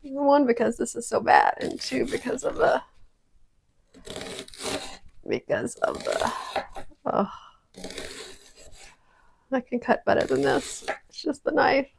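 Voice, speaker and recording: A woman's voice: sits high, steady tone, slow pace, vocal fry, long pauses, noisy background. A woman casually testing kitchen gadgets at home, chatty and prone to dramatic exclamations. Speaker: product-testing vlogger. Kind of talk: casual kitchen product review.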